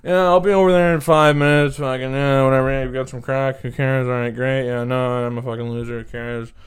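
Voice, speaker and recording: A man voicing a loud, careless man chatting on his phone in a library, offhand and rambling. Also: medium pitch, steady tone, fairly quick, clear, resonant tone, lightly acted.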